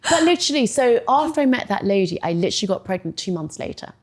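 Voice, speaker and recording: Animated woman in her forties, chatty storyteller. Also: quick pace. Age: 40s. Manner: animated storyteller, many "like"s, voices quotes high. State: emotional, near tears. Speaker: podcast guest. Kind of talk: casual interview chat.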